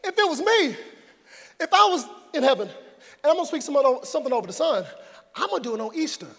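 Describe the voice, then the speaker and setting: Pastor, male, very high voice, preaches dynamically, from shouting to soft whispers. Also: sing-song, fast, big-room sound. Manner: dynamic, swings from loud to hushed. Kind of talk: sermon. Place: church sanctuary before a congregation.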